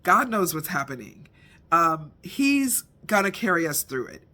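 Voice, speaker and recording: A woman's voice: on the low side, very animated, a little slow, pushed and bright. A middle-aged woman telling a personal family story as a faith lesson, acting out the voices of her household as she goes. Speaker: devotional speaker.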